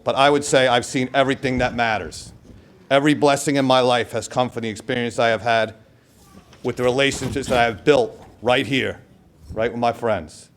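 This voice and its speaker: A man's voice: mid-range voice, steady tone, normal speed. New York man giving an acceptance speech. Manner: storytelling, acts out quoted voices, trailing asides. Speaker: hall of fame inductee.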